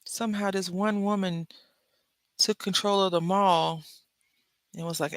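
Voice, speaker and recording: A woman hosting a crafting video, chatting and telling stories while she works, acting out quoted lines with big jumps in pitch and dropping to soft murmurs when she concentrates. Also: fairly even intonation, unhurried, pauses often, dry recording. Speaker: crafting channel host. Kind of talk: casual chat while crafting.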